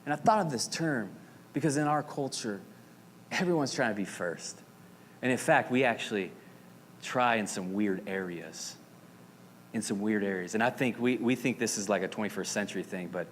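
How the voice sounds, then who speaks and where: A man in his thirties from Arizona, preaching a sermon as pastor with animated, dramatic storytelling and playful asides. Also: fairly low pitch, moderate pace. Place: church sanctuary. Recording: reverberant hall with faint noise.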